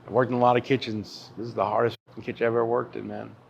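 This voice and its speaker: A man's voice: mid-range voice, flat delivery, very fast, gravelly, dull audio, slight background noise. A man, a barbecue pitmaster and chef, telling his story in a casual interview with emphatic, profane talk. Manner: emphatic and profane, calls the listener dude and bro.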